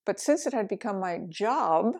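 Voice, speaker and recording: A woman's voice: medium pitch, animated, normal speed, darkish tone. Candid woman telling a personal story. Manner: candid, reflective, with laughs. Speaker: meditation teacher. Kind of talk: storytelling talk.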